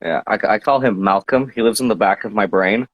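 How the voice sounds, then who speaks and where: A man's voice: lowish voice, fairly quick, lo-fi sound. A man chatting casually as a guest, telling playful, rambling stories while suffering from hay fever. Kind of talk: casual chat.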